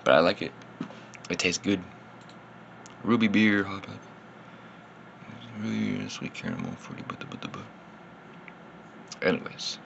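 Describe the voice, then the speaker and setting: A man's voice: deep voice, wildly swooping pitch, measured pace, vocal fry, pauses often, a bit bright, muffled recording, a little hiss or hum. A man, slightly tipsy, rambling casually through a beer tasting in his vlog and poking fun at himself. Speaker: beer reviewer.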